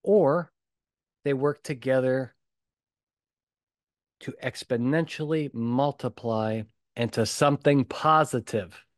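A solo podcast host with a medium-pitched voice speaks slowly and pauses often, recorded at studio quality with no room sound. He comes across as blunt, emphatic, and animated, using a lot of punchy repetition.

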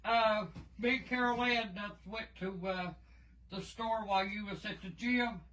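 An older woman making prank videos, cursing and yelling at her grandson in rough, profane banter. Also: mid-range voice, a little slow, slight background noise. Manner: foul-mouthed, yelling, cackling.

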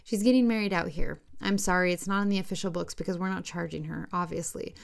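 Woman reading a guarded young rancher woman, dry retorts, low voice, gravelly, audiobook. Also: steady tone, fast talker. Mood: wry.

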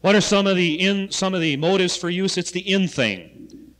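An animated man with a fairly high voice lectures students on health education, jumping between loud emphasis and quiet asides. The sound is an archival 1970 recording from a college hall, with a long reverb tail behind every phrase. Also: moderate pace. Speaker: school health education coordinator.

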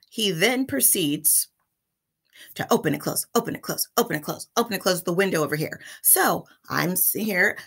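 A middle-aged woman telling a story in a casual vlog, chatty and animated, calling her viewers y'all. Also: medium pitch, vocal fry. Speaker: vlogger.

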